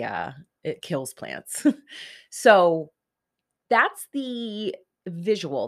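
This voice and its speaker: Earnest self-help woman in her forties. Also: on the low side. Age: 40s. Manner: earnest, conversational, addresses listeners directly. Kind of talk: motivational self-help talk.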